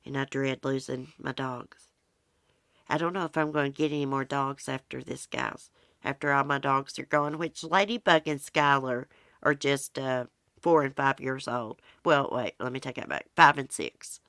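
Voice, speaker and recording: A woman's voice: very deep voice, steady tone, normal speed, fairly bright tone, no room sound, clean studio sound. A woman with an American country accent, hosting a livestream and chatting casually with viewers, rambling in a folksy way. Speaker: livestream host. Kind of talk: casual livestream chat answering viewer comments.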